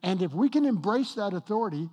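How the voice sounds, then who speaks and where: A man preaching a sermon as pastor, emphatic, slowing down on key points and joking with the congregation. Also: sits high, big pitch swings, dark tone, husky, muffled recording. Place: church with congregation.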